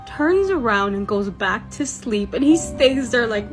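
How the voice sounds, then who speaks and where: A woman casually retelling a creepy story, chatty and animated, acting out the dialogue. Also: a little high, measured pace, faint music behind.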